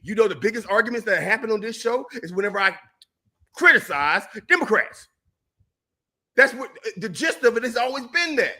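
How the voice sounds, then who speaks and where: A man co-hosting a political talk show, in an angry, profane rant that breaks into shouting. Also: high voice, lively intonation, normal speed. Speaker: co-host.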